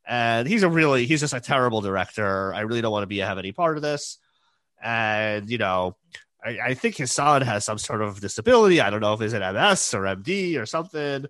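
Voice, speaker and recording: A man's voice: mid-range voice, lively intonation, a little fast, a bit bright, no echo. Podcast guy recapping scenes, kinda hesitant, lots of ums, dry close mic. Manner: hesitant, many fillers, retells scenes. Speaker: podcast co-host. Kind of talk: casual chat recapping a TV episode.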